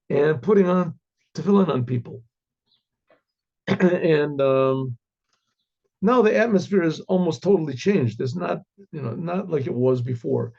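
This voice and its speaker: Gravelly, husky rabbi telling a rambling story. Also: male voice, on the high side, dark tone. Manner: rambling, many fillers and restarts, frequent throat clearing. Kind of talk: casual spoken storytelling. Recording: muffled lo-fi recording.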